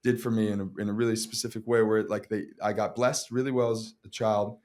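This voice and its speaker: A young man, an actor, telling his story on a casual podcast in a profane, animated way with many restarts. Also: fairly low pitch, fairly quick. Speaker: actor guest.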